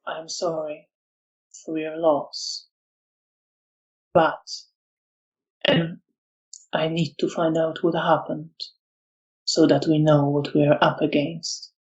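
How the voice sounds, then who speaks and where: A storyteller voicing a calm, formal man who answers an outburst evenly and quietly. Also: mid-range voice, dull audio, close to an everyday voice. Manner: calm and measured.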